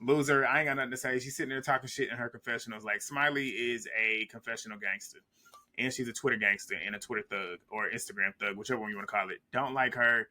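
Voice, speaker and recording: A man's voice: mid-range voice, steady tone, fast, bright, forceful tone. A man, recapping a reality show in casual, blunt, trash-talking commentary.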